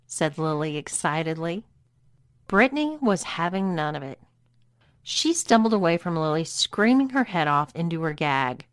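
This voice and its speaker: A woman narrating an erotic story in a steady, even reading voice. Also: low voice, normal speed, no echo, studio quality. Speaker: story reader.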